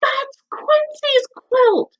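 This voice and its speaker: A woman voicing a loud, chatty female duck who quacks shrilly and excitedly. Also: very high-pitched, drawn-out words, voice pushed up, heavily acted. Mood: urgent. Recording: dull lo-fi recording.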